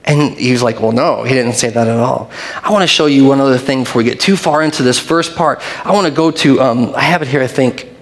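A man's voice: medium pitch, fairly quick. Pastor man preaching in a reverberant hall. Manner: conversational, with short repeated phrases. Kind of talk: sermon.

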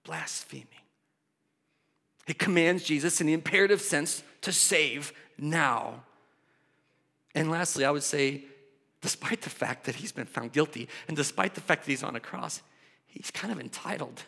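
A man preaching a sermon in an animated way, shifting from loud bursts to quiet asides. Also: on the high side, moderate pace. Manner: animated, acts out voices, swings from loud to soft. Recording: long hall reverb.

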